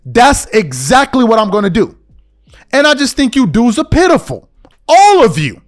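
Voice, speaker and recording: A man delivers a heated, blunt rant, his voice sitting very high and swinging up and down with feeling. He talks in slang, repeats himself for emphasis and sounds fed up. Faint music runs underneath. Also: wildly swooping pitch, normal speed. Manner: exasperated, blunt, slangy and repetitive. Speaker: commentary show host.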